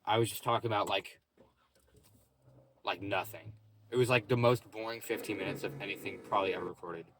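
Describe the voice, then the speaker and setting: A young man vlogs from his car parked in a parking lot, rambling casually and loosely, saying "bro" and "like" a lot. His voice is fairly low in pitch and a little fast, with background noise present.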